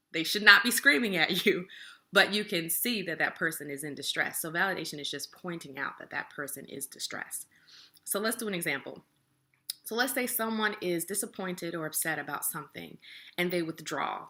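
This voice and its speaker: A young adult woman explaining a relationship topic in a calm, plain-spoken casual talk to the camera. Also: on the low side. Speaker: relationship educator.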